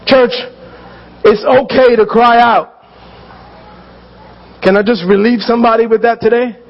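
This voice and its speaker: A male pastor with a very high voice preaches in an earnest, conversational way, checking in with the congregation and repeating phrases as he builds to shouted pleas. The recording sounds slightly dull and lo-fi. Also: fairly even intonation, measured pace. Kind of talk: sermon.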